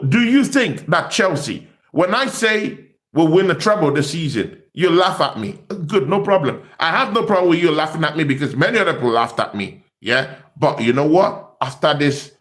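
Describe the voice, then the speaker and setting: A man giving an animated football fan rant, excitable and taunting, often repeating his words. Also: a little high. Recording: echoey room.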